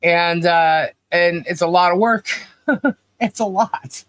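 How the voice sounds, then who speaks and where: A woman's voice: lowish voice, slow pace, fairly bright tone, no room sound. Woman, co-host, easygoing, supportive, casual stream chat, dry close mic. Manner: laid-back, supportive, reads viewer messages. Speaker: live show co-host.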